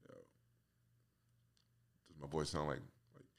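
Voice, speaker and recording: A man's voice: very deep voice, flat delivery, slow. A man in his forties hosting a solo podcast, rambling casually, swearing freely and laughing at himself. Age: 40s. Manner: laughs often, swears freely, self-mocking. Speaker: podcast host.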